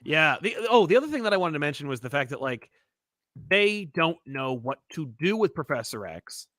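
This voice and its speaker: A man's voice: on the high side, big pitch swings, normal speed, bright, forceful tone, no echo, clean studio sound. A man co-hosting a casual podcast, talking animatedly and acting out quotes, with heavy use of "like". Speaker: podcast co-host. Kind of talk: casual movie recap chat.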